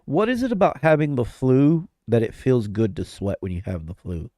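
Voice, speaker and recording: A man's voice: mid-range voice, huge pitch swings, moderate pace, dark tone, no echo, studio quality. A man streaming while sick with flu-like symptoms. He chats casually, rambles, interrupts himself and laughs often. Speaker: live streamer. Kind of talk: casual live-stream chat.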